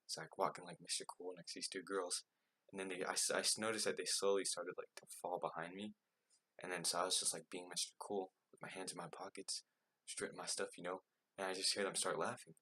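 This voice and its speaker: Low, bright, husky young man rambling. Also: little pitch movement, quick pace. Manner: rambling, filler-heavy, self-mocking. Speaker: vlogger. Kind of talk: casual storytelling.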